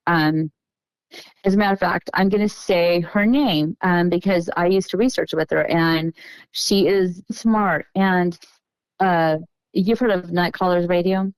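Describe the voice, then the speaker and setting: A middle-aged woman tells a long personal story as a podcast guest. She wanders and often corrects herself, and her voice is low and smooth. She is recorded close, with no room sound. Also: fairly even intonation, a little slow, no echo, low-quality recording. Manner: meandering, self-correcting storyteller. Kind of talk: casual storytelling interview.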